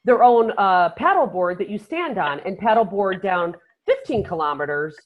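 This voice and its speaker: A woman hosting a casual chat, telling lively stories, swearing and laughing often while she acts out what people said. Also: medium pitch, moderate pace. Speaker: podcast host. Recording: dull lo-fi sound.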